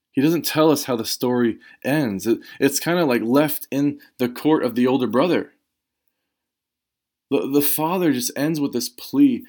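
A man's voice: medium pitch, darkish tone. A man preaching a sermon as a pastor, talking in a conversational and emphatic way, with casual asides to the congregation.

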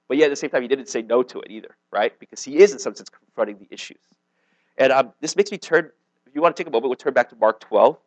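A pastor with a medium-pitched voice preaches a sermon conversationally, frequently checking in with "okay?" and "right?" as he restarts and stumbles over sentences. The recording is rough, with no room sound.

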